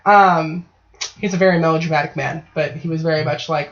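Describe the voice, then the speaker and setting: A woman's voice: deep voice, fairly even intonation, a little fast, a little hiss or hum. A woman host telling a story in casual chat, swearing freely and often asking 'right?'. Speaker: podcast host. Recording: dull lo-fi online call audio.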